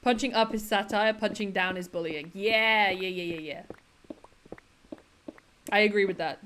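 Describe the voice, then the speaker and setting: A woman's voice: medium pitch, normal speed, a bit bright, a little hiss or hum. A woman chatting casually on a livestream, laughing often and quoting comedy lines. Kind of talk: casual chat with chat while gaming.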